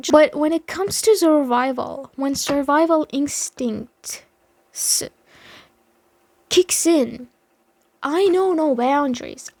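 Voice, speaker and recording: A woman's voice: high-pitched, darkish tone, no room sound. A young woman telling a story in a casual vlog, dramatic and emphatic, swearing heavily. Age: young adult.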